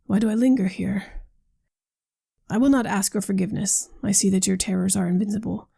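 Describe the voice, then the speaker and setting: A woman reading the lines of a solemn, troubled young man in an old novel, speaking slowly and formally. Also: medium pitch, gravelly, mellow, slightly rough. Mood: agitated. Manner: slow, grave, formal speech.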